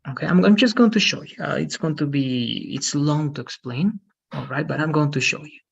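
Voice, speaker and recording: A man teaching English in an online lesson. His voice is gravelly and somewhat husky, and the call audio sounds muffled. He explains patiently, tagging his points with "okay?" and "right?". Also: fairly high pitch, brisk.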